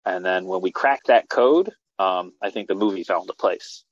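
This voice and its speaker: Low-voiced man rambling excitedly. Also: normal speed, no echo. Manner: rambling, excited, with many restarts and fillers. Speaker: filmmaker guest. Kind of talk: casual interview talk. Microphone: video call. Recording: dull lo-fi video call audio.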